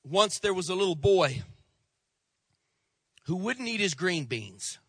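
A male pastor giving a sermon, telling humorous stories in an animated way. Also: high-pitched, takes it slowly, breathy edge, no room sound.

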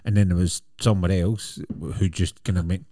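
A man's voice: low voice, steady tone, moderate pace, warm tone, no room sound. A man, co-hosting a casual podcast chat with wry joking asides. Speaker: podcast co-host.

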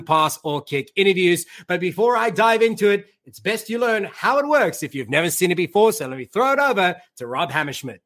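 A man with a fairly high voice hosts a sports podcast, introducing guests in a lively, showman-like announcer manner. He sounds polished and eager. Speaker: podcast host. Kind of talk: announcer-style interview intro.

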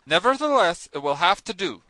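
Audiobook casting: a man voicing a stern, mysterious sea captain, cold and commanding, bright high voice, dry close sound. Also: sing-song, fairly quick, no room sound, exaggerated voice, poor audio. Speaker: narrator voicing characters. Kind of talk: audiobook reading.

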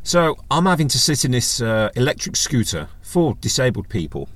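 A man's voice: mid-range voice, big pitch swings, moderate pace, fairly bright tone, no echo. A man hosting a podcast, telling rambling, wry, self-mocking stories into a webcam mic plugged into a phone. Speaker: podcast host. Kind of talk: casual anecdotal monologue. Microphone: USB webcam microphone plugged into a phone.

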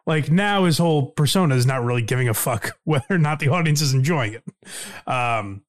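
A man's voice: medium pitch, expressive, a little fast. A man hosting a podcast in a casual, reflective, conversational way. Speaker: podcast host. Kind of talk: casual chat.

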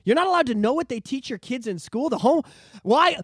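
A man's voice: extremely high pitch, expressive, fairly quick, a bit bright, slightly rough, no echo. A man hosting a casual podcast, from Canada, ranting emphatically with constant profanity. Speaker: podcast host.

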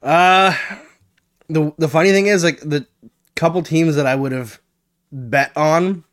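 A man co-hosting a relaxed hot sauce tasting, reading out the notes on each bottle and exhaling hard as the heat hits. He has the hiccups. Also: a little high, a little slow, no room sound, studio quality. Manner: reads sauce notes, blows out air at the heat. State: hiccups from spicy food. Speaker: co-host. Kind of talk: casual chat while tasting hot sauce.

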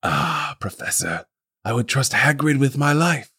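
A calm old wizard headmaster speaks in a hushed, gentle murmur, played by a man. The try at a British accent is soft and a little shaky. It is a comedic podcast read-through. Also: fairly high pitch, unhurried, a little hiss or hum, pitched above the performer's own voice.

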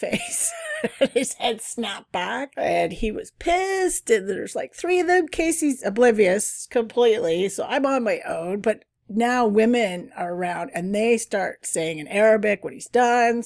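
Middle-aged woman, gravelly voice, dry close sound, chatty travel storytelling, laughs a lot. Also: mid-range voice, no echo. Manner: animated, chatty, laughs often, restarts sentences.

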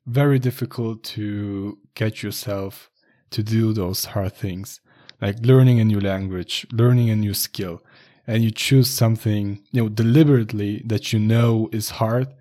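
A man's voice: on the low side, steady tone, measured pace, dark tone. A man chatting casually, rambling a little and hesitating with many restarts. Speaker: conversation partner. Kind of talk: casual chat.

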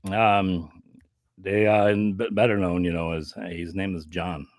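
A man's voice: low voice, little pitch movement, a little slow, no room sound, studio quality. A man hosting a podcast in casual chat, rambling, laughing often and restarting his sentences. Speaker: podcast host.

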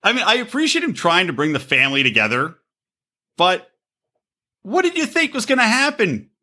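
Animated, bright-voiced man podcasting. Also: moderate pace. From Los Angeles area. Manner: animated, swearing, acts out quotes in high voices. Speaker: podcast host. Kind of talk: casual profane chat.

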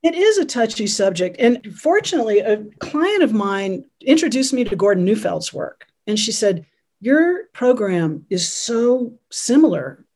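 A woman's voice: medium pitch, lively intonation, normal speed, hardly any pauses, darkish tone. A woman parenting consultant speaking as an interview guest, earnest and telling stories about her clients. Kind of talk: conversational interview.

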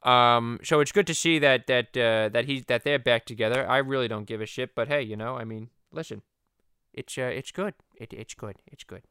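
A man with a Boston accent hosting a rambling comedy podcast, crude, giggly and easily excited. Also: medium pitch, normal speed, clean tone.

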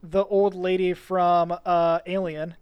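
A podcast host who runs the show and edits it, chatting casually and briskly moving to the next movie. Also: mid-range voice, level tone, smooth, no echo, lo-fi sound. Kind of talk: casual movie review chat.

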